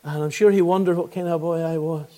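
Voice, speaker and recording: A man's voice: on the high side, steady tone, quick pace, dark tone. A man in his sixties with a Northern Irish accent, preaching a gospel sermon and telling his own testimony with earnest, fervent appeals.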